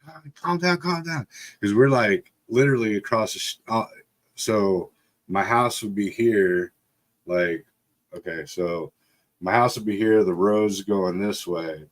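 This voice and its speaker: A middle-aged man with a fairly low voice tells a rambling childhood tale to his live stream audience. He swears freely and keeps breaking into laughter as he talks. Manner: profane, laughs often while telling. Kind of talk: casual storytelling. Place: home setup for a live stream.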